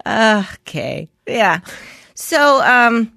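A middle-aged woman co-hosting a podcast, agreeable and laughing often, with quick replies. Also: on the high side, sing-song, gravelly, bright, forceful tone. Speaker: podcast co-host. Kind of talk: casual chat.

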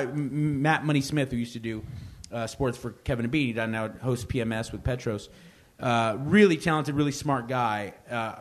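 A man guesting on a live podcast, telling stories in a loose, profane and animated way. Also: mid-range voice. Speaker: guest, former radio cohost. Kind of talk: casual live podcast chat. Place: live venue before an audience.

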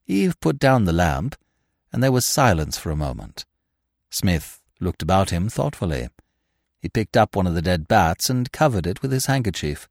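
A man narrating an audiobook in a measured, expressive reading as the podcast host. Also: low-pitched, vocal fry, dry recording, clean studio sound. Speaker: host and reader.

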